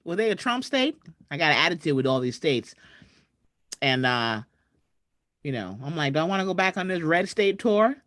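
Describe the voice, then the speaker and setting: A woman hosting a casual livestream from home, chatting and shouting out viewers over a video call mic. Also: low voice, big pitch swings, normal speed, pauses often, no echo, clean studio sound. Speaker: host. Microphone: computer mic on a video call.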